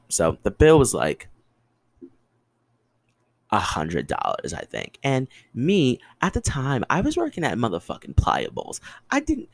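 A young man in his twenties hosts a solo podcast, telling stories in a casual, profane and dramatic way. His voice sits low, but his pitch swings widely as he jumps between his own questions and answers. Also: no room sound. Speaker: podcast host. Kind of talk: casual storytelling monologue.

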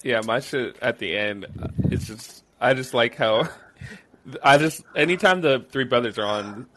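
A man's voice: medium pitch, measured pace, noisy background. A man co-hosting a podcast, telling profane movie stories in casual chat and laughing a lot. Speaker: podcast co-host.

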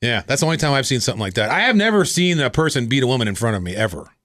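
Fast-talking man, rambling casual chat. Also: medium pitch, big pitch swings, a bit bright. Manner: rambling, many "like" and "you know" fillers.

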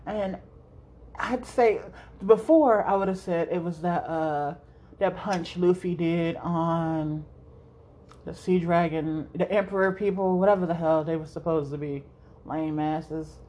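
Slow-talking woman rambling with a mellow voice. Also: lowish voice. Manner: rambling, swears freely, laughs often. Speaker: podcast host. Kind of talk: casual solo chat.

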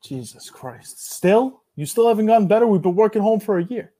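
A man in casual podcast chat, talking in a loud, hyped, bro-ish way as a guest. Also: sits high, steady tone, rapid-fire.

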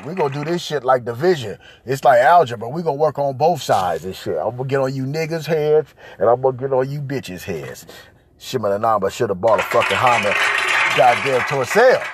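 A man hosting a podcast, ranting loudly and profanely in a comedic monologue and repeating his points. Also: medium pitch, lively intonation, moderate pace. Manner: loud, profane, repetitive ranting. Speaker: podcast host. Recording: noisy home recording.

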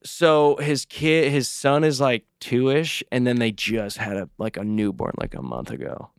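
A man's voice: medium pitch, unhurried, smooth, no echo, clean studio sound. A man hosting a podcast, telling a story in loose, casual chat full of "like" and "dude" and plenty of swearing. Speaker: podcast host.

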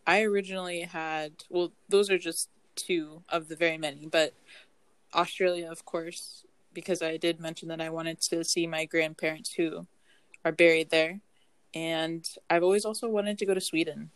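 A young adult host chatting casually and reading out the next question at an even pace. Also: mid-range voice, moderate pace, clean tone, dry recording. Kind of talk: casual chat.

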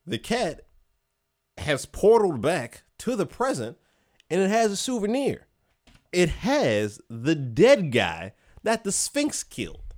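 A man hosting a casual podcast who excitedly retells a comic book, laughing often. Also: sits high, takes it slowly. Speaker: podcast host. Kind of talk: casual chat.

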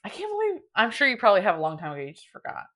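A young adult woman from Indiana, hosting a podcast and telling a story in a dramatic, animated way, full of filler "like"s. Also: medium pitch, very fast. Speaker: podcast host. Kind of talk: casual storytelling.

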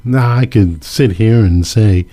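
A man's voice: on the low side, takes it slowly, mellow. A man giving a casual opinion monologue on local politics, emphatic and repetitive, with sarcastic asides.

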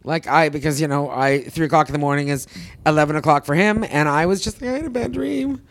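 A man chatting casually on a podcast, telling a long story with lots of fillers and acted-out quotes. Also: quick pace. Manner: animated storyteller, jumps into high voices for quoted people.

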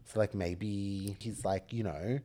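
A man, co-hosting a podcast in relaxed, agreeable chat full of fillers. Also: fairly low pitch, slow pace. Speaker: podcast co-host. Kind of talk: casual chat.

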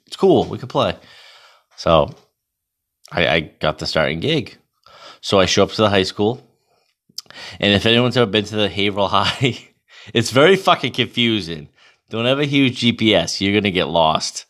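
A man in his thirties telling a casual, profane, animated story about himself. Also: on the low side, normal speed, long pauses. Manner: profane, animated, self-mocking.

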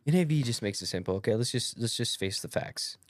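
A woman's voice: rumbling low, lively intonation, fast. A woman co-hosting a podcast in casual joking chat, playful and teasing with mock-dramatic outbursts. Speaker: podcast co-host.

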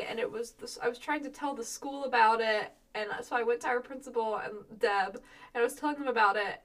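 A woman's voice: a little high, distant mic. Giggly young woman, a bit off-mic. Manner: giggly, animated storytelling with acted-out quotes. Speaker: podcast co-host. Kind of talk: casual chat.

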